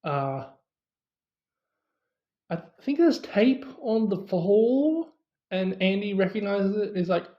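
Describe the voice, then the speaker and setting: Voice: mid-range voice, lively intonation, takes it slowly, long pauses, echoey room, highs cut off. A movie reviewer casually retelling a horror film's plot, with many fillers and quoted asides.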